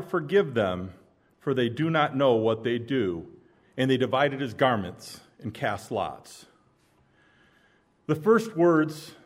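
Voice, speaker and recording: A man preaching a sermon, dramatic, swinging between loud emphasis and hushed intensity. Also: fairly high pitch.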